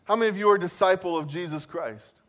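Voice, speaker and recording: A male pastor preaching a lively sermon, repeating key phrases and putting questions to his congregation. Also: high-pitched, fast.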